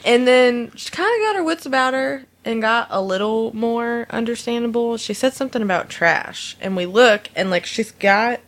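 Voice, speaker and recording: Animated woman telling a funny story. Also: a little high, moderate pace, hardly any pauses. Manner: animated, acts out quoted voices, laughs often. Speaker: storyteller recounting a work incident. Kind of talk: casual anecdote.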